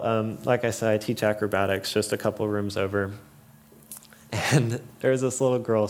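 Earnest young man preaching over music. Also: lowish voice. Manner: earnest, storytelling, laughs often. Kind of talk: sermon.

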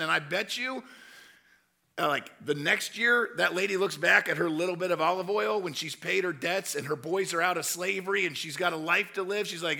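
Gravelly, bright-voiced male pastor preaching. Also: high voice, brisk. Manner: animated storytelling, acting out voices of Bible figures. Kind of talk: sermon.

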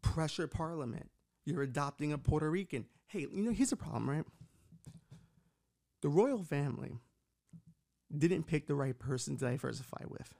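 A man's voice: on the high side, expressive, normal speed, vocal fry, pauses often, warm tone. A young man with a New York accent, going on a rambling, profane comedic rant as a podcast host. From United States.

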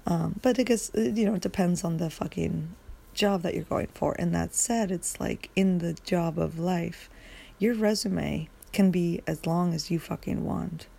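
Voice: medium pitch, a little slow, vocal fry, mellow, breathy edge. A podcast host rambling through a casual solo monologue, just woken up and groggy, swearing freely and losing the thread.

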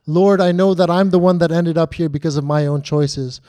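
Man doing a broken prisoner begging god, high voice, pleading. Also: fairly even intonation, fairly quick, mellow, no room sound, close to an everyday voice. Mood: remorseful. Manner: pleading prayer. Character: broken, repentant male prisoner crying out to God.

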